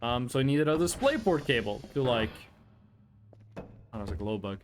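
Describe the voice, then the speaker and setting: A man's voice: mid-range voice, moderate pace, slight background noise. A young man from Norway, chatting casually on a livestream and rambling through anecdotes. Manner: rambling storyteller, chatty and animated. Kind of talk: casual chat with chat.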